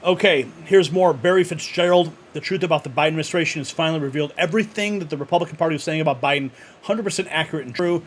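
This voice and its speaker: A man hosting a live news commentary show, reading posts aloud and reacting with excitement. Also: on the high side, racing, slight background noise. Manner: excited, laughs often, reads posts aloud. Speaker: host.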